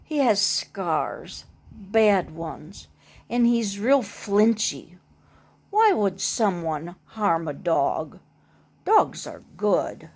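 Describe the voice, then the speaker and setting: A woman voicing an earnest young boy who is eager and pleading as he cares for a stray dog, read aloud slowly from a storybook. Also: fairly low pitch, very animated, darkish tone, breathy edge, exaggerated voice. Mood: worried.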